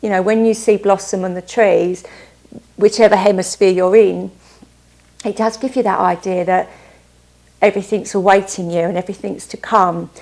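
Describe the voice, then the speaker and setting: A woman's voice: medium pitch, fairly even intonation, normal speed, a little mellow. A woman doing a casual tarot card reading, upbeat and chatty, often stopping to add asides. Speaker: tarot reader.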